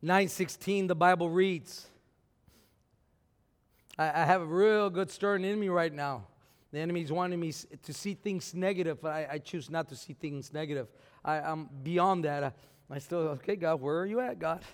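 A man preaching a sermon, swinging from shouted peaks down to low, quiet talk, often repeating words as he restarts. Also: steady tone, normal speed. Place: church. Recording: long hall reverb.

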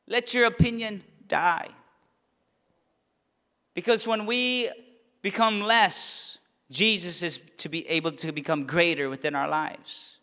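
Pastor, male, high bright tenor, impassioned sermon delivery, reverberant church hall. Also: steady tone, slow pace, pauses often. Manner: impassioned preaching, rising to near-shouts on key lines.

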